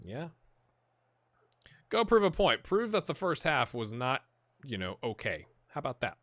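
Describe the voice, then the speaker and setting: A man hosting a gaming video, chatting and reacting excitedly as he plays a football management game. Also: medium pitch, a little slow, no echo, clean studio sound. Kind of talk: live commentary while playing a football management game.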